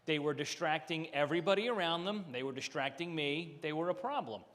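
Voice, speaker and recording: A man from the Philadelphia area performs a stand-up set before a live audience in a country club room, his voice high-ish, a bit bright, and a little fast with a long reverb tail. He tells stories full of punchy asides and acts out what people said.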